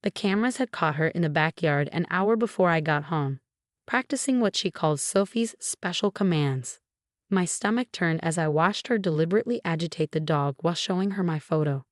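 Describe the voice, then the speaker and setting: A woman narrating a first-person scripted story in a steady, measured way. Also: fairly low pitch, dry recording, studio quality.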